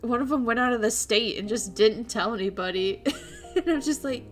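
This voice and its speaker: Young woman, streamer, casual chat, chatty and animated, laughs a lot, fairly high voice, faint music. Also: moderate pace.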